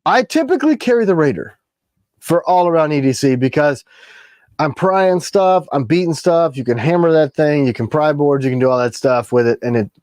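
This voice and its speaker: A man's voice: on the high side, lively intonation, a little mellow, dry recording, studio quality. A man co-hosting a live stream about his knives, talking in a rambling, casual way. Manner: rambling, jumps between thoughts, quick laughs.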